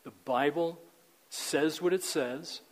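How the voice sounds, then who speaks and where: A man's voice: a little high, slow pace, in a large hall, poor audio. An older man teaching a men's group in a sermon style, earnest and emphatic, often repeating words.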